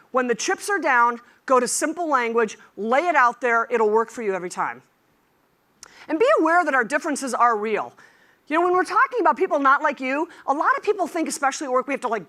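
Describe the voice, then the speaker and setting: A middle-aged woman giving a conference keynote, lively and joking with the audience. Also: high voice. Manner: lively and animated, humorous asides to the audience. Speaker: keynote speaker.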